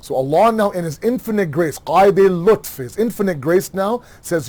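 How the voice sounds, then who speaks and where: A man giving a religious lecture, animated, asking rhetorical questions and acting out everyday dialogue. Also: high voice, normal speed, hardly any pauses. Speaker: Muharram lecturer.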